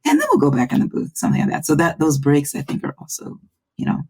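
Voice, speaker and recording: A woman audiobook narrator in a casual roundtable chat, speaking in halting bursts with many restarts. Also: low-pitched, wildly swooping pitch, a little mellow, breathy edge. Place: home recording booth.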